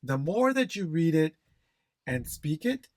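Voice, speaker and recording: A man's voice: fairly high pitch, very animated, measured pace, darkish tone, dry recording. A man teaching an exam-prep lesson, stressing key phrases, repeating them and checking in with "okay?". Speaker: English test instructor.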